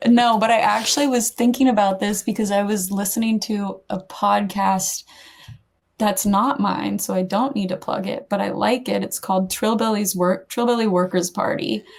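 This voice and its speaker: A woman's voice: mid-range voice, steady tone, moderate pace, creaky. A woman guest on a podcast, an editor and curator, musing casually with lots of "like" and fillers.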